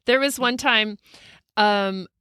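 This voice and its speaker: A woman co-hosting a podcast in casual chat, giggly and animated, acting out the voices of people in her stories while recording in a closet. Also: mid-range voice, slow pace, clean tone, no echo, clean studio sound. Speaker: podcast co-host. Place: closet with laundry.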